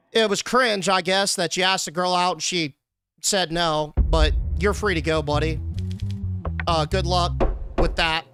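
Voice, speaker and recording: A young man streams a game and chats loosely, swears freely, and reads the on-screen text aloud. His voice sits high for a man. Music runs steadily underneath. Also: fairly bright tone. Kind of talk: casual gameplay commentary. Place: home streaming setup.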